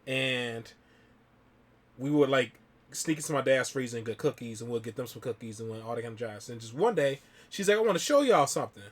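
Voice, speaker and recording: A man's voice: medium pitch, fairly quick. Rambling casual man telling stories. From Alabama, US. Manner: rambling storyteller with many fillers. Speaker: reaction channel host. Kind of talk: casual chat.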